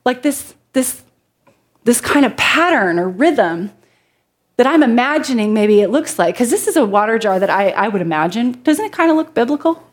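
A woman preaches to a church congregation, her voice sitting a little high. She reads scripture aloud and speaks in a loose, chatty way, joking with the people in front of her. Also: lively intonation, normal speed. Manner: conversational, jokes with the congregation. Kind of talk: sermon with Bible reading.

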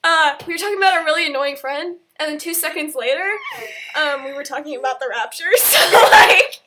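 A woman's voice: high-pitched, brisk, pushed and bright, slight background noise. A teenage girl co-hosting a casual podcast, giggly and self-mocking, laughing often, recorded without a proper microphone. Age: teens. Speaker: podcast co-host. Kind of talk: casual chat. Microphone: no microphone, built-in device mic.

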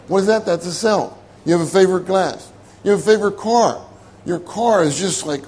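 A man's voice: sits high, normal speed, a little mellow, a little hiss or hum. Older man preaching a conversational sermon. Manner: conversational, repeats key phrases, laughs at his own jokes.

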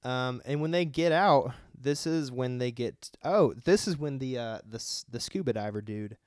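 A man's voice: mid-range voice, moderate pace, clean tone, no echo, studio quality. A man with a Southern US accent co-hosting a podcast in casual chat, rambling with fillers and laughs. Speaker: podcast co-host.

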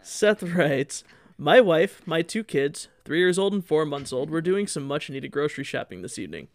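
A man's voice: a little high, animated, normal speed. Laughing, joking male podcast host. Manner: loud laughing, joking, reads listener emails. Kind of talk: casual chat.

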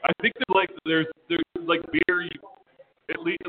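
A man's voice: a little high, level tone, moderate pace. A man hosting a casual chat over beers in a brewery bar, rambling and laughing at himself. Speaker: podcast host. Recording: tinny phone-like sound.

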